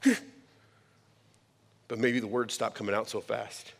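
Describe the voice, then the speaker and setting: A man in his thirties preaching a sermon as a pastor, emphatic and conversational, with quick asides to the congregation. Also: on the low side, fairly even intonation, gravelly. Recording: long hall reverb.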